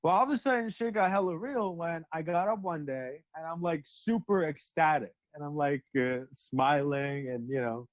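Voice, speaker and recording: A young man with a voice on the high side talks at normal speed with few pauses, recounting a spiritual experience at a satsang. His speech is slangy and profane, and he acts out quoted dialogue. The sound is dry, dull lo-fi with no echo.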